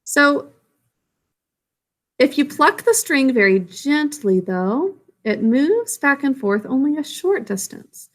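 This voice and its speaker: A woman's voice: high-pitched, lively intonation, slow. A woman teacher explaining a science lesson in a casual, self-correcting way to young students. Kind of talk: recorded classroom lesson.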